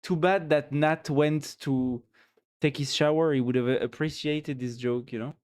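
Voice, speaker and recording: Slow, playful streamer with a French accent. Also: medium pitch, steady tone, a little mellow. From France. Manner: playful, giggly, chatting with viewers. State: tired, late at night. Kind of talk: casual late-night live-stream chat.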